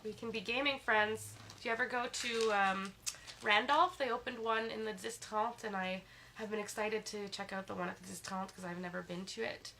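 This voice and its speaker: A woman's voice: medium pitch, fairly even intonation, normal speed, pushed and bright, a little hiss or hum. A woman livestreaming from her bed while sick, chatting casually and reading viewer comments aloud. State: sick, slightly congested. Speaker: livestream host. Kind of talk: casual live stream chat. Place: in bed at home. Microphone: phone.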